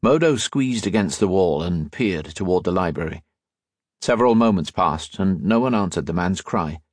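A low-pitched man reads a scripted audiobook, carrying the story in a steady, measured style. The recording is dry and of studio quality.

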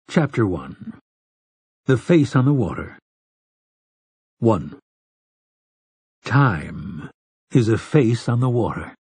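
A man narrating an audiobook in a deliberate storytelling manner. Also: mid-range voice, a little mellow, breathy edge, no echo. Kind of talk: scripted narration.

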